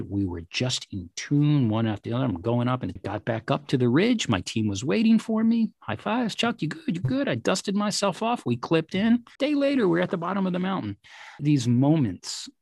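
A man in an interview telling a personal story vividly, at times dropping to hushed asides. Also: mid-range voice, gravelly, breathy edge, no echo. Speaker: interview guest, teaches classes.

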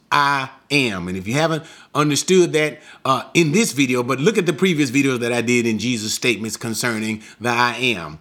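A man's voice: a little high, a bit bright. A man teaching a Bible passage verse by verse, emphatic, posing rhetorical questions and answering them himself.

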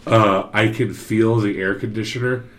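A man's voice: lowish voice, fairly even intonation, normal speed, a bit bright. A man telling a long story in casual chat, loose and profane. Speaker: podcast co-host telling a story.

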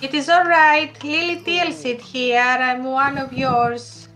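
A woman's voice: sits high, flat delivery, takes it slowly, sharp tone, faint music behind, heavily acted, rough recording. A woman voicing a polite young traveller who speaks up to reassure guards. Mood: reassuring.

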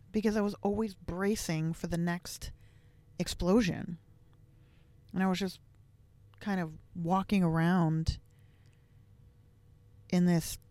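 A woman's voice: on the low side, darkish tone, no room sound. A woman hosting a podcast, telling a personal family story in a candid, reflective way with many casual fillers. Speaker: podcast host.

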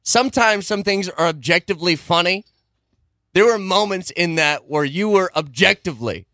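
Man co-host, bright, lively, teasing, laughs easily. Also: high voice, normal speed, no room sound, studio quality. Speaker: podcast co-host. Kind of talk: casual chat.

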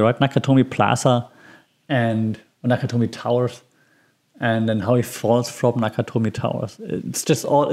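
A man hosts his own solo podcast, rambling loosely with frequent ums and small laughs at himself. His voice is medium in pitch and a little mellow.

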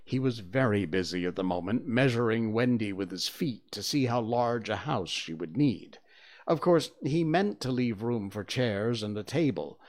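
A man reading a classic children's story aloud, expressive and animated. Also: lowish voice, normal speed. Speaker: narrator.

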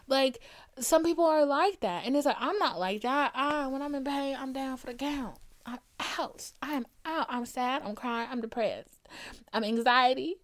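A young woman talks straight into her podcast mic in a loose, unscripted monologue. She is blunt and emphatic and swears freely. Her voice sits a little high for a woman. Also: moderate pace. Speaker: podcast host. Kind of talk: casual monologue.

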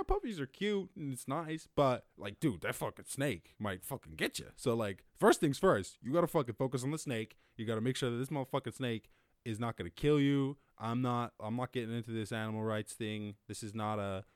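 A man hosting a casual solo podcast, rambling and swearing, laughing often and jumping to loud high exclamations. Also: dry recording, clean studio sound. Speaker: podcast host.

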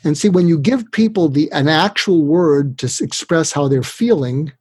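A man, a psychiatrist guest, talking in an animated storytelling way and jumping his pitch up to act out the people he quotes. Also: moderate pace, breathy edge, no room sound. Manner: acts out quoted voices with big pitch jumps.

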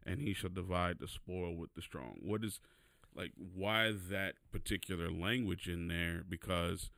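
Deep, gravelly man, curious co-host who presses with questions, dry sound. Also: a little slow, a bit bright, dry recording. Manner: attentive listener, asks probing questions. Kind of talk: casual chat.

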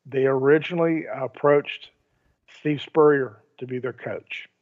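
A man's voice: mid-range voice, fairly even intonation, a little slow. A man co-hosting a podcast, talking sports in a casual, opinionated way and telling stories. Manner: storytelling, opinionated. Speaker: podcast co-host. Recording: dull lo-fi audio.

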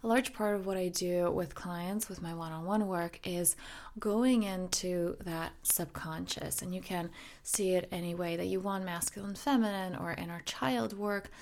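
A woman in her thirties hosting her own podcast, talking reflectively and softly, often dropping close to a whisper. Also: fairly low pitch, fairly even intonation, moderate pace, faint music behind. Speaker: podcast host and coach. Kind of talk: reflective solo podcast talk.

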